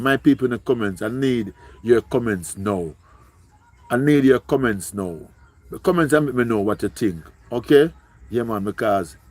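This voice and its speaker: A man's voice: on the low side, a little mellow, dry recording. Pleading Jamaican man on a live stream. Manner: pleading, repetitive, emotional, speaks in Jamaican Patois. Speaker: livestreamer. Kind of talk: live-stream appeal to viewers.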